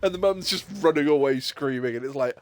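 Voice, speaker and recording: A man's voice: on the high side, brisk, a little mellow. A man in casual gaming chat who tells funny stories and acts out the lines he quotes.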